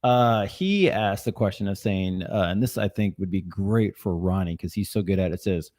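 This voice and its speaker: A man co-hosting a podcast, talking in a relaxed, thoughtful way with a lot of "you know.". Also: low voice, moderate pace. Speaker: podcast co-host. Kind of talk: casual podcast chat.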